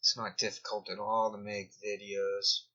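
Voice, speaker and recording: A man's voice: fairly low pitch, monotone, normal speed, pushed and bright. A man giving rambling commentary over a screen recording, often trailing off mid-thought, captured in a dull lo-fi recording. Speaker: video commentator.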